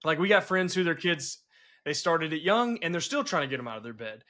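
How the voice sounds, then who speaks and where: A man's voice: a little high, big pitch swings, brisk, bright, forceful tone. A man hosting a podcast and telling family stories earnestly, with many restarts. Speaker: podcast host. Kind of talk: casual conversation.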